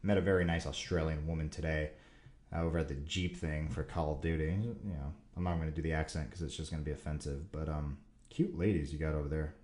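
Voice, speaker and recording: Low mellow guy rambling thru viewer questions, lots of um and you know, echoey room. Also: steady tone, fast talker. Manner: rambling and enthusiastic, many fillers. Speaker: Q&A show host. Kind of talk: casual chat answering viewer questions. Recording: roomy echo.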